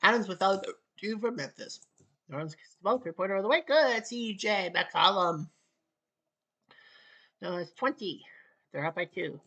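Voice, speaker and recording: A woman's voice: mid-range voice, husky. A woman from Canada calling a basketball video game in casual solo play-by-play, with clipped calls and wry asides. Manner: clipped, rapid calls, wry asides, rising excitement near the end. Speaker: play-by-play commentator.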